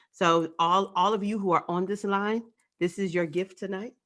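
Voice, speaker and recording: A spoken word poet, a woman with a fairly low voice, speaks to her audience over a video call. Her delivery is emphatic and rhythmic. She leans on repetition to drive her points home. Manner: emphatic, rhythmic, repeats phrases for effect. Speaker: spoken word poet leading an online event.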